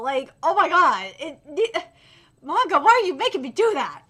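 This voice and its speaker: Gushing high-voiced woman streamer. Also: big pitch swings, moderate pace, sharp tone. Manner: gushing, squealing, swears freely. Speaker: manga reaction streamer. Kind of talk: live reading reaction.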